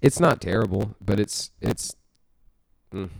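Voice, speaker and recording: A man's voice: fairly low pitch, unhurried, creaky. A man from Texas co-hosting a casual music podcast, rambling and self-mocking with lots of fillers and restarts. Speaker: podcast co-host.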